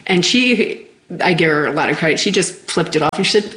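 Low-voiced middle-aged woman, halting and reflective. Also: animated, fairly bright tone, low-quality recording. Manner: halting, reflective, often trailing off. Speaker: interview guest. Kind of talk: personal storytelling.

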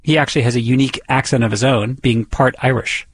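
A man's voice: medium pitch, fairly even intonation, fast, slightly rough. A man from the Boston area hosting and narrating a documentary podcast in a wry, conversational way. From Boston area, USA. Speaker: podcast host.

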